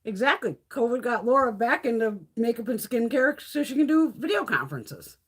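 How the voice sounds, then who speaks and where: A woman's voice: on the high side, very animated, brisk, breathy edge. A woman hosting a casual beauty livestream from her phone, telling stories full of swearing and laughter. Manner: profane, laughing storyteller.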